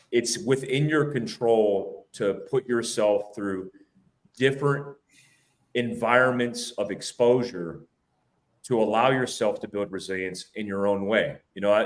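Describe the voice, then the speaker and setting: A man in his forties from the United States, a former special forces soldier and podcast guest, explaining his ideas in a measured, direct way. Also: on the low side. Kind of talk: podcast interview answers.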